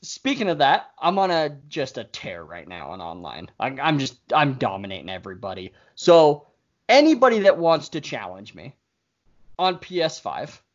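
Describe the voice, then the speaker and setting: A man in a casual chat, teasing a friend and telling stories in an animated way. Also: medium pitch, normal speed. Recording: dull lo-fi audio.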